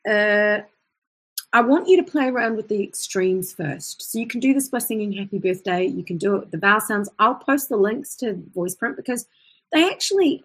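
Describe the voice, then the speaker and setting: A woman's voice: mid-range voice, slightly rough. A woman with an Australian accent teaching a live online singing lesson, chatty and breaking into short vocal demonstrations as she explains. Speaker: voice coach.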